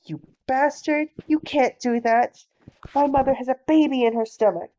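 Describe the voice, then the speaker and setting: A woman voicing a feisty, defiant young boy who shouts fiercely, in a bedtime-story audiobook reading. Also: high voice, moderate pace, slight background noise, lightly acted. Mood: outraged.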